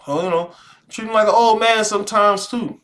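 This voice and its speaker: A man hosting a live stream, talking casually and profanely, swinging between low musing and loud preachy rants. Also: fairly even intonation, moderate pace. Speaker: live show host.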